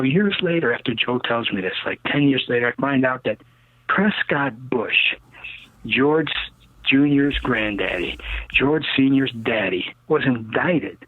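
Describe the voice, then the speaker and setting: This is an older man in his sixties, heard over a narrow, phone-like line with a dry sound. He tells long, winding stories as a guest, emphatic and cynical. He keeps punctuating them with "okay?" and "you know," and his pitch sits in an ordinary middle range. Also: husky, no room sound. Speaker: rocket builder interviewed as guest. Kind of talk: casual rambling storytelling interview.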